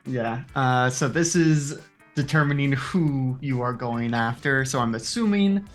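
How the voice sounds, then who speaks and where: This is a player at a tabletop game, talking slowly and reasoning aloud. The speech hesitates and fills gaps with "um" while settling on a choice. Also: medium pitch, soft background music. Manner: thinks aloud, hesitant with fillers. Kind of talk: casual game chat.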